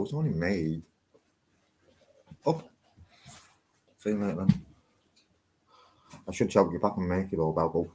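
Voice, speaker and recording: A man's voice: low voice, darkish tone, slightly rough. A man, talking in a casual, rambling vlog, swearing freely. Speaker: vlogger.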